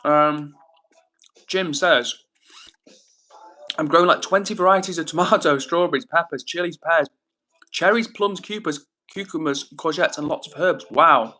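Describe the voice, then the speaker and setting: Young dude on a livestream, bright voice, chatty and upbeat with his viewers. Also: on the high side, moderate pace, pauses often, slight background noise. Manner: chatty, upbeat, reads chat messages aloud. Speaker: livestream host. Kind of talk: casual livestream chat reading comments.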